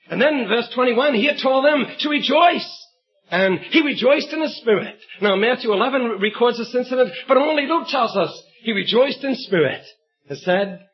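A man preaching a sermon, telling an illustrative story and reading scripture with emphatic storytelling and bursts of shouted emphasis, on a dull lo-fi recording. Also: extremely high pitch, expressive, moderate pace, slightly rough.

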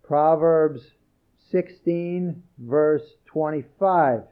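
Male preacher, higher voice, emphatic scripture reading, muffled low-fi audio. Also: takes it slowly. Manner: earnest, emphatic, repeats key phrases. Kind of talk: sermon.

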